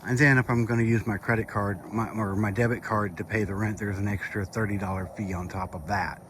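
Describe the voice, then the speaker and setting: A middle-aged vlogger with the hiccups walks outdoors at night, giving his viewers a casual, rambling update full of hesitation and filler words. His fairly low voice is steady, a touch bright and a little quick, with slight hiss or hum on the recording.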